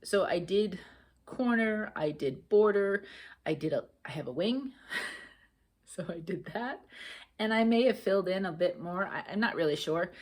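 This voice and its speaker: A woman casually chatting to camera in a rambling, grateful way, often laughing. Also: fairly low pitch. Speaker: cross stitch vlogger.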